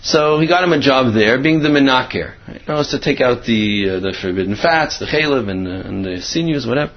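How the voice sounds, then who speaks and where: A man's voice: mid-range voice, lively intonation, fairly quick. A man teaching by telling a story in a rambling way, acting out the quotes, on a dull lo-fi recording. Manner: rambling, many fillers, acts out quotes. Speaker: Torah teacher. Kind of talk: storytelling talk.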